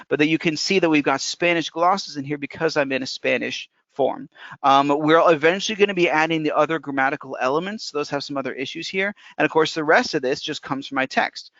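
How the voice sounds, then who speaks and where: A man, a software developer, walking through a live software demo in a casual, technical way, often thinking aloud. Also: a little high, no room sound. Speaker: software developer presenting a webinar. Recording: dull lo-fi webinar audio.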